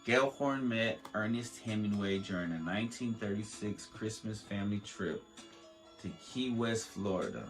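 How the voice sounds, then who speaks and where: A man's voice: fairly low pitch, normal speed, faint music behind, rough recording. A man hosting a podcast, reading a history aloud with stumbles, restarts and joking asides. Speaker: podcast host. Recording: faint beat playing under the voice.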